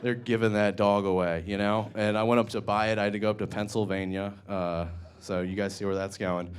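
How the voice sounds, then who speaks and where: Low-voiced young man doing crude stand-up. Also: flat delivery, fairly quick. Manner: rambling, self-deprecating punchlines, crude asides. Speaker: stand-up comedian. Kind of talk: stand-up set. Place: comedy club stage.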